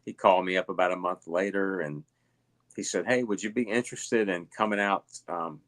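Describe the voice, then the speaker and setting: A middle-aged man with a Southern US accent, telling stories at a relaxed pace with lots of fillers as a guest in an interview. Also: low-pitched, a little fast. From Alabama. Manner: rambling, relaxed storytelling with many fillers. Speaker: guest, illusionist. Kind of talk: casual interview chat.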